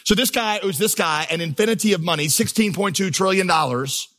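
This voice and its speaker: This pastor's sermon comes in a brisk, somewhat bright, high-sitting voice. Storytelling with funny side remarks carries him up to emphatic, impassioned crescendos.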